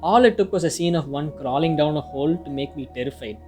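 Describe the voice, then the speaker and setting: A man's voice: fairly high pitch, fast, darkish tone. A man reading a casual, opinionated film review, now and then swearing mildly. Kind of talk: scripted review narration. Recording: music playing faintly behind.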